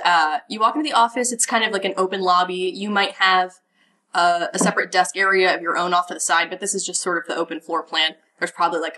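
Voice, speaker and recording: Bright-voiced woman game master. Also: fairly low pitch, far from the mic. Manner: relaxed and chatty, with laughs. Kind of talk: narrating a tabletop role-playing game.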